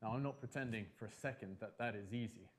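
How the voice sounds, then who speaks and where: A man giving a conference talk, animated and emphatic, repeating his key phrases for effect. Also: on the low side, fast talker. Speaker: conference speaker.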